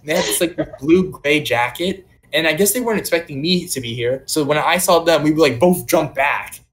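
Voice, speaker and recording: A young man tells a long story from his own life to friends on a casual podcast. His voice sits a bit high for a man, and he rambles along with plenty of "like" and "um" fillers. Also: normal speed, fairly bright tone. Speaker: podcast co-host.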